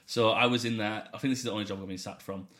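A young podcast host with a fairly low voice tells stories at a rapid-fire clip. He's an animated storyteller in casual chat and swears freely.

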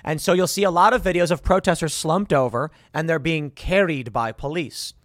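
A man's voice: on the high side, normal speed, a bit bright, dry recording, clean studio sound. A man from Chicago hosting a political commentary show, reacting to news clips with sarcastic, indignant remarks.

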